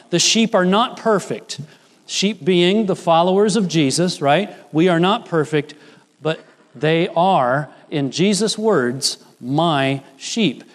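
Long hall reverb surrounds a man delivering an earnest, explanatory sermon. He quotes scripture frequently with mounting emphasis, and his voice climbs in pitch whenever he gives the words of Jesus or Peter.

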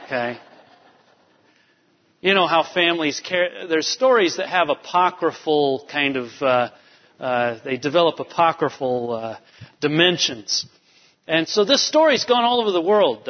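A man preaching from the pulpit, easing into his message with a family story full of fillers and asides. His voice sits a little high for a man. The sound is dull and muffled, with long reverb from a large church hall. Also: lively intonation, unhurried. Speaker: pastor. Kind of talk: sermon with personal story. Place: church sanctuary.

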